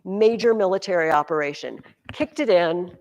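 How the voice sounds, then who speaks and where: A woman teaching a high school class, explaining with energy and acting out quotes dramatically. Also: moderate pace, in a large hall, lo-fi sound. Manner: lively, acts out quotes dramatically. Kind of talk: classroom lecture.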